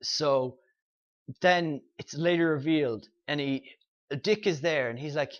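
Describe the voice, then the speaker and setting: A man's voice: mid-range voice, fairly even intonation, slow, pauses often, lo-fi sound. A man hosting a comic review show, casually retelling the plot with lots of fillers and quoted dialogue. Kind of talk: casual spoken recap and review.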